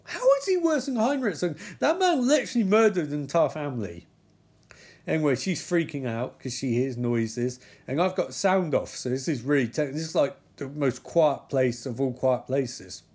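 A man's voice: medium pitch, lively intonation, moderate pace, darkish tone, breathy edge. A man giving a rambling, sweary, sarcastic live recap of a TV episode, often forgetting character names. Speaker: TV episode reviewer. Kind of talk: casual live-watch commentary.

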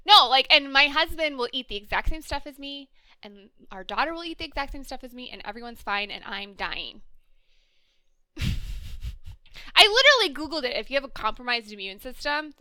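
Bright, animated woman podcast host. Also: high-pitched, brisk, dry recording. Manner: animated, swearing, laughs often, quotes people in voices. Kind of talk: casual podcast chat.

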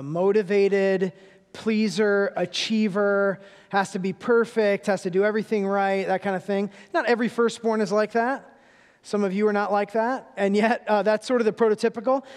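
A man in his thirties preaches as a guest speaker, telling family stories with humor in a relaxed, conversational way. His voice sits high for a man. The church around him rings with a long reverb. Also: moderate pace. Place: church sanctuary.

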